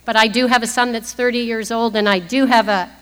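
A woman's voice: on the high side, steady tone, a little fast, fairly bright tone, smooth. A woman in her fifties sharing a humorous personal story as the speaker at a recovery meeting, laughing often as she talks. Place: meeting hall. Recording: long hall reverb.

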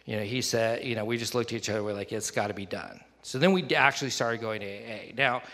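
A man shares a personal story in a rambling, self-deprecating way, with lots of fillers and asides. His voice is bright and forceful and carries a long hall reverb. He speaks at an average pitch. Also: fast talker. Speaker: speaker sharing a recovery story.

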